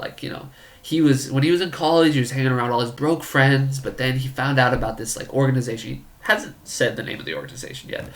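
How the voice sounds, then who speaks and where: A man's voice: mid-range voice, a bit bright. A man telling a comedic story in a rambling, incredulous way, full of filler words.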